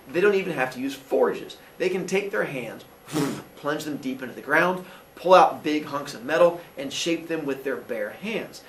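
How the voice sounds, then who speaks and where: Teacher guy hamming up a story for his class, lively bouncy voice, bright, echoey classroom from far off. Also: a little high, slight background noise. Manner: playful, joking, dramatic.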